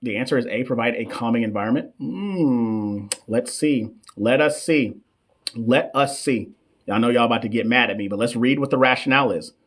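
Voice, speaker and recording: Chatty man coaching nurses live. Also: medium pitch. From United States. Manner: chatty, reads chat shout-outs, stumbles over long terms. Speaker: nurse coach hosting a live question session. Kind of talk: casual live-stream teaching. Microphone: desk microphone.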